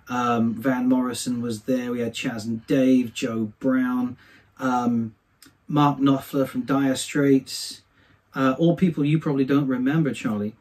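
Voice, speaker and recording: A man, a singer, being interviewed and telling anecdotes from his career in a chatty, animated way. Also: medium pitch, husky. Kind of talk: casual storytelling.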